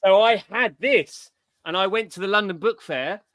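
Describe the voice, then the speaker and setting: A man's voice: high voice, moderate pace, fairly bright tone, dry recording. A middle-aged man, a comics writer, in a casual interview, telling his story in a rambling, digressive way.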